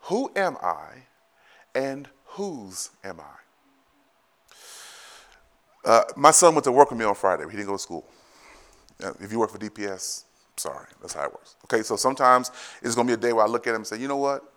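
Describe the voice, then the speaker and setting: A man in his thirties, a pastor, preaching a sermon, telling family stories in an animated way, repeating phrases and often laughing. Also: on the low side, racing. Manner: animated storytelling, rising to loud excited bursts.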